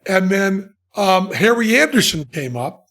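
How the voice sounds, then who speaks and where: A man's voice: high-pitched, unhurried. A man hosting a podcast who tells a comic anecdote and laughs in the middle of his sentences. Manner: animated storyteller who laughs mid-sentence. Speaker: podcast host. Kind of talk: comic storytelling chat.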